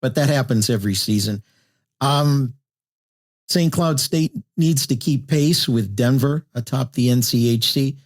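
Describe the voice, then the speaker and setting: A man's voice: medium pitch, unhurried. A man moderating a casual hockey betting chat, steadily running through odds and records. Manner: steady, lists stats methodically. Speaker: podcast host, moderator. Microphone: remote call mic.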